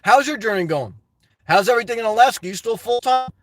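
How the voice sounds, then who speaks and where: A high-pitched man rambles through viewer comments on a live stream, joking and laughing easily and peppering his talk with "man" and "guys". He streams from inside a parked car, and the sound is close and dry with no room around it. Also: animated, fast, a bit bright, no room sound.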